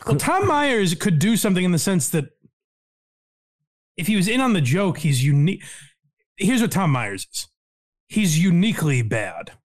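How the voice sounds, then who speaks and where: A man's voice: high-pitched, sing-song, moderate pace, pauses often. A man hosting a casual podcast, talking in a wry, sarcastic way. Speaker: podcast host.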